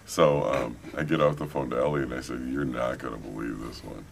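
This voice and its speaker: A man's voice: a bass voice, a little fast, vocal fry, a little hiss or hum. A middle-aged man with a Midwestern American accent, telling stories in a casual interview and acting out the quotes. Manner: animated storyteller, many restarts, acts out quotes. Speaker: author and paranormal investigator. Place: paranormal conference hall.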